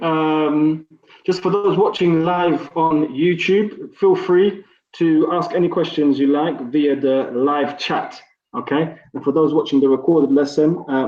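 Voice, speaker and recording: A man teaching an Arabic class online, patiently correcting his students and encouraging them. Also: on the high side. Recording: roomy, dull lo-fi sound.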